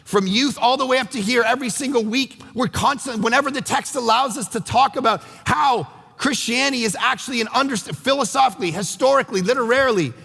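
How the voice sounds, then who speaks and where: A man, a pastor, preaching a sermon with energetic, conversational storytelling in a church auditorium. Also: very high voice, fast, creaky, hardly any pauses, slightly rough. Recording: echoey church hall.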